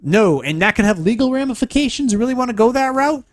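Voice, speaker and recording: A man's voice: very high-pitched, lively intonation, fast talker. A man hosting a solo podcast, giving blunt, sarcastic advice full of swearing. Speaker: podcast host.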